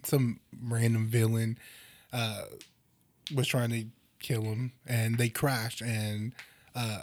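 A man's voice: medium pitch, darkish tone, no room sound. A man hosting a podcast, chatting casually about comics and laughing often as he retells the stories. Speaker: podcast host.

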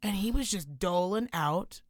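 A young adult woman co-hosts a podcast in casual chat, telling stories with animated energy and swearing freely. Her voice sits at a middle pitch and is recorded dry and close, with no room around it. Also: unhurried, dry recording. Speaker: podcast co-host.

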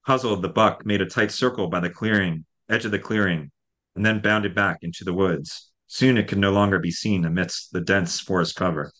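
A man, the author and guest, reads a passage from his novel in a steady, measured way. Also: low-pitched. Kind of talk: reading aloud from his novel.

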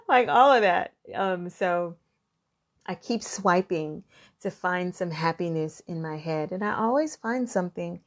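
A woman's voice: on the low side, vocal fry. A middle-aged woman talking through heartfelt self-care advice, earnest and encouraging, often restarting her sentences.

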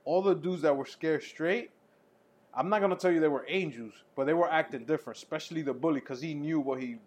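A man telling a story in casual podcast talk, profane and animated, laughing often. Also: a little high, quick pace. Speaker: podcast co-host.

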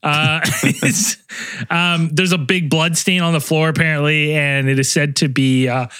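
A man's voice: a little high, flat delivery, a little slow, sharp tone, smooth, dry recording. A man co-hosting a casual podcast, wry and swearing freely as he chats. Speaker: podcast co-host.

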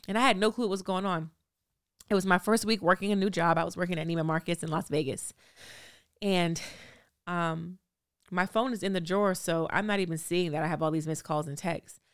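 Animated woman host, smooth and low. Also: no echo, studio quality. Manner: animated, breathless storytelling. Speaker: podcast host. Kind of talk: casual storytelling podcast.

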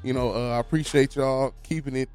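A man's voice: medium pitch, steady tone, fairly quick, a little mellow, smooth, soft background music. A man from Los Angeles, hosting a podcast studio, talking in a loose, rambling way and often checking in with "you know what I'm saying". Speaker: studio host. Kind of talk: casual podcast chat.

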